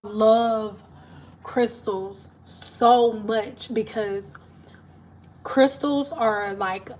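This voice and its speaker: A woman's voice: on the high side, fairly even intonation, very slow, darkish tone. A woman hairstylist telling stories in a chatty, slangy way on a casual live stream from home. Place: at home, TV in another room.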